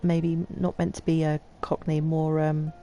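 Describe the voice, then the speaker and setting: A woman's voice: sits low, monotone, measured pace, warm tone, soft background music. A woman from the UK streaming a game, chatting casually, hesitant and self-deprecating as she talks to herself. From United Kingdom. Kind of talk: casual live game commentary.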